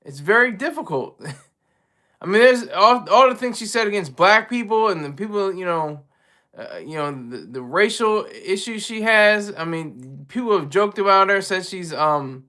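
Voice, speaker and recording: High bright-voiced man, halting commentary. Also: lively intonation. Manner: halting, rambling, heavy on fillers; chuckles often while talking. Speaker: show host. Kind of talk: solo political commentary.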